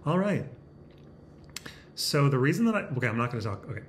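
A man talks straight to camera at home in a casual, self-conscious way, joking and often laughing at himself. His voice sits at a mid pitch. A faint room hiss hangs under the recording. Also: big pitch swings, racing. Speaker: vlogger. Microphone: camera facing him.

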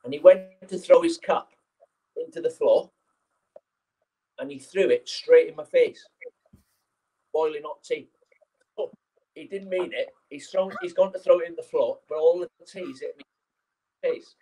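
A man spinning an anecdote for an audience as a guest speaker. He talks in a lively, animated way, slipping into the voices of the people in his tale. His voice sits fairly high for a man. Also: normal speed, long pauses, husky, rough recording. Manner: lively, acts out scenes. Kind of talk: anecdotal storytelling.

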